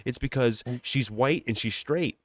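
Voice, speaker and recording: A man's voice: mid-range voice, unhurried, dry recording, studio quality. A young man co-hosting a casual podcast chat, laughing often, swearing freely and dropping into mocking voices. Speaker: podcast co-host.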